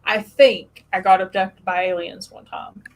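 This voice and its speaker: A woman hosting a casual chat, telling animated stories with plenty of fillers and laughs. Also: mid-range voice, measured pace, poor audio. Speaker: podcast host.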